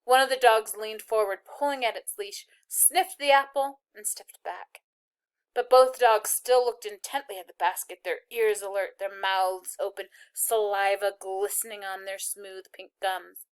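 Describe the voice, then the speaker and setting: Woman narrator reading a chapter aloud, steady and expressive, medium pitch. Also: moderate pace, clean tone. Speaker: reader.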